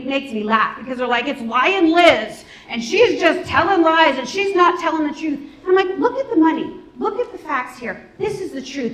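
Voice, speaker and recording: A woman makes her pitch as a candidate at a local party meeting. Her voice sits a little high and she drives her points home with emphatic repetition. The room around her is echoey. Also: fairly bright tone. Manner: earnest, emphatic, with quick repeated phrases. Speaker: political candidate. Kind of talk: campaign speech. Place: meeting hall.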